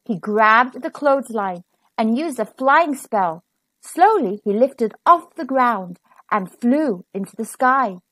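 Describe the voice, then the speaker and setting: A woman reading a children's storybook aloud in an expressive, animated way. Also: fairly high pitch, takes it slowly, dry recording.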